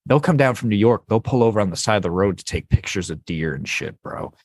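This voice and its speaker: A man's voice: fairly low pitch, lively intonation, fast talker, no echo, clean studio sound. Rambling laid-back podcast host man. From lives in New Jersey. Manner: rambling, swearing, frequent laughs. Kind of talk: casual chat.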